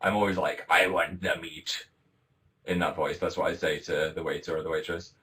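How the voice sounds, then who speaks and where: A young man, chatting playfully while reading out viewer comments on a live stream, his pitch bouncing up and down as he talks. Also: fast talker, low-quality recording. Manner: chatty and playful, animated ups and downs in pitch. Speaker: livestream host reading fan comments. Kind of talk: casual live-stream chat.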